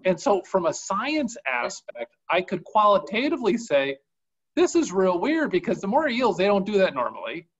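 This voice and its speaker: Woman, casual webinar chat, animated storyteller, husky voice, lo-fi muffled sound. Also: mid-range voice, brisk. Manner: lively anecdotal storytelling.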